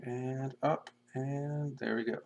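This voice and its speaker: A young man casually talking to himself in a flat monotone while drawing pixel art on a live stream. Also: mid-range voice, slow pace, vocal fry, lo-fi sound. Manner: mumbling to himself, self-described monotone. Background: keyboard typing and clicking.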